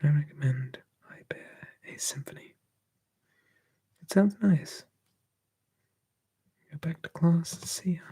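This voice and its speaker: A man streaming live ASMR, whispering softly and answering chat in a relaxed way. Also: a little high, takes it slowly, pauses often, husky.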